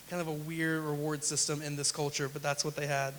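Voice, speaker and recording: Fairly high-voiced man preaching in a hall. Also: flat delivery, a little fast, a bit bright, a little hiss or hum. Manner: retells scripture with acted quotes, emphatic. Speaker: pastor. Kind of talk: sermon. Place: church sanctuary.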